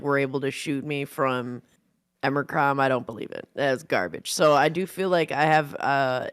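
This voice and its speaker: Smooth-voiced woman, blunt and swearing. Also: low-pitched, no room sound, clean studio sound. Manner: blunt, profane, laughing. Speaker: podcast co-host. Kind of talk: casual chat.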